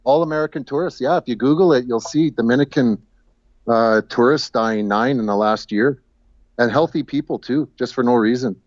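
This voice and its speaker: Halting man on a dull call line. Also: medium pitch, no echo. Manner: halting, repeats words, chuckles at own jokes. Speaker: guest caller. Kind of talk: casual chat. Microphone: video call.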